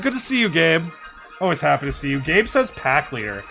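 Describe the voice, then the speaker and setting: This streamer has a bright, forceful, slightly high voice with big pitch swings and vocal fry, and faint music plays behind him. Talking into a desk mic, he enthusiastically reads out viewer card suggestions at speed, chats about them, and thanks his followers.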